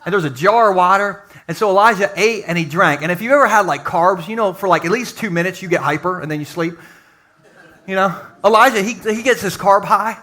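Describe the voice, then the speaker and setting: A male pastor preaching a sermon at a live church service, lively and joking, acting out quotes. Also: sits high, a little fast.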